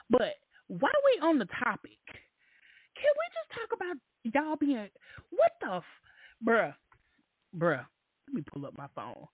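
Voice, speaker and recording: A woman hosting a casual call-in show who talks in a slangy, animated, candid way and swears freely. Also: on the low side, slightly rough, dry recording. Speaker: podcast host. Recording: dry, tinny phone-like line.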